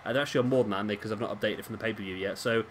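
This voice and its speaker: A man's voice: fairly low pitch, racing, a little hiss or hum. A man giving casual, rambling commentary over a wrestling video game and often correcting himself. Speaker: gaming commentator.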